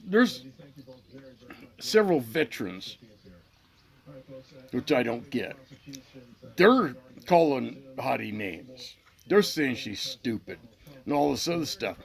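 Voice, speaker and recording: Brief: middle-aged male vlog host, gravelly voice, angry and profane, talking off the cuff. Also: medium pitch. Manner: profane, heated, repeats himself. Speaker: channel host. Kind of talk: angry unscripted rant to camera.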